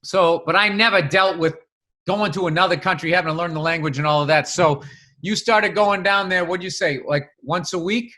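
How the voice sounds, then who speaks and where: A man's voice: high voice, brisk, bright, forceful tone. A man hosting a podcast, asking curious, probing questions that halt and restart as he works them out. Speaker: podcast host. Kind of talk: interview questions.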